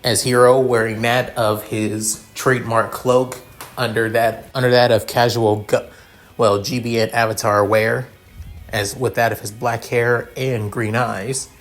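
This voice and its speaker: A man's voice: medium pitch, flat delivery, measured pace, faint music behind. A man narrating his own fan fiction in a rambling style, with frequent restarts and fillers. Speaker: story reader.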